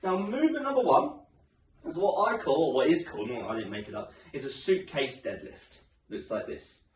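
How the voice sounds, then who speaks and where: A man coaches a home workout in a chatty, encouraging way, his voice rising and falling in a lively sweep. He sounds a little out of breath. He is recorded at some distance in an echoey room. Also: on the high side, a little fast, a little hiss or hum. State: slightly out of breath. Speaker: fitness instructor.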